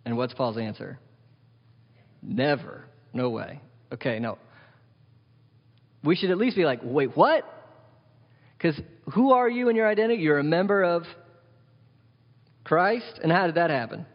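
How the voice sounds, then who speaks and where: A man preaching a sermon as pastor, animated and wry, asking the congregation questions. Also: a little high, normal speed, pauses often, in a large hall, lo-fi sound. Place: church hall.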